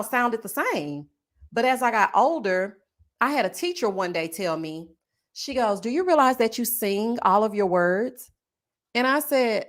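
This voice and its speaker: A woman with a Texas Southern twang, chatting casually with her viewers in a sing-song, drawn-out way. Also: fairly high pitch, a bit bright. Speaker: YouTube reality-show reviewer. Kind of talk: casual chat reading viewer comments.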